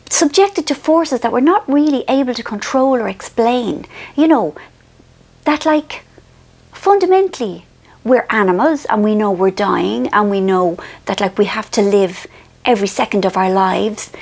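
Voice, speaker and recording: A woman's voice: on the high side, darkish tone. A middle-aged Irish woman telling a rambling, self-mocking story in a casual monologue. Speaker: author and vlogger.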